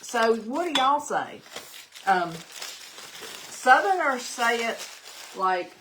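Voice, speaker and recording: Older Southern woman, livestream craft host; slow, folksy, chatty, faint background noise. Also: on the high side, very animated, fairly bright tone. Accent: Southern American. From American South. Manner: chatty, greets viewers by name, folksy. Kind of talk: casual live craft demo.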